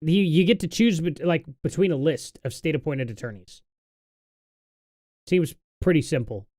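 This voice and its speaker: A man's voice: a little high, expressive, normal speed, darkish tone, no echo, clean studio sound. A young adult man hosting a casual live stream, talking in a tired, rambling, sarcastic way.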